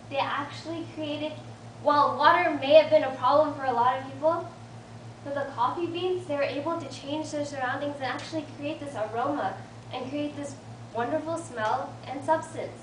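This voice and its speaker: A woman's voice: high-pitched, normal speed. A young woman in her late teens giving an earnest motivational talk to a support group, telling a story with a light touch of humor about herself. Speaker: invited student speaker. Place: meeting room of a support group. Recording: roomy, distant mic with faint room noise.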